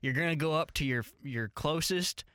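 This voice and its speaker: A man's voice: on the high side, normal speed, pushed and bright, smooth, dry recording. A man doing a twangy, folksy Southern redneck giving advice and calling everyone brother. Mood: hammy.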